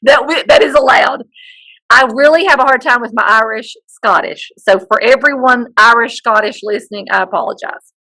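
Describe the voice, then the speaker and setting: Podcast co-host, woman, playful and teasing, with a bright voice on the higher side. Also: normal speed, rough recording. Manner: joking and teasing. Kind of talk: casual chat.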